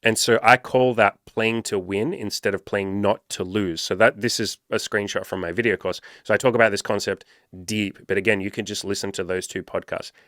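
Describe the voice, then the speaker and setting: Reading an article on his podcast, a young dating coach comments emphatically and profanely, slipping into mock pep talks in put-on voices when quoting himself. His fairly low voice is fairly bright with fairly even intonation, and he speaks briskly with hardly any pauses. The close, dry recording has no room sound.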